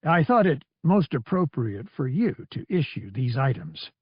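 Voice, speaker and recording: Admiral Akbar, a gravelly old alien admiral, as the narrator voices him. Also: male voice, mid-range voice, very animated, dry recording, lo-fi sound. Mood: formal. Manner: formal, measured speech. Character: gravelly elderly alien male admiral, formal and courteous.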